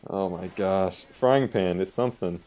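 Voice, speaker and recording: A man giving live gameplay commentary, excitable and quick to exclaim and laugh. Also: low voice. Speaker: gaming channel host.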